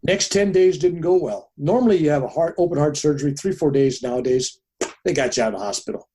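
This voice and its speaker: A man in his seventies, a podcast guest, telling a personal story in an animated way and acting out the people in it. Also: on the high side, fast, husky. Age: 70s.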